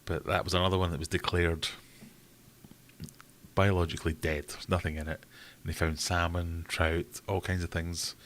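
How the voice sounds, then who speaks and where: A man with a low, deep voice hosts a casual livestream. He rambles from topic to topic in a chatty way and picks up viewer questions as he goes. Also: little pitch movement, moderate pace, a bit bright, slight background noise. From Sheffield, England. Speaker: livestream host.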